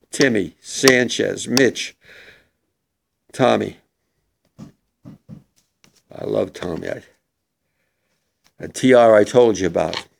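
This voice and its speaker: An older war veteran giving an emotional, halting memorial speech to young people in a hall. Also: male voice, lowish voice, gravelly, background noise.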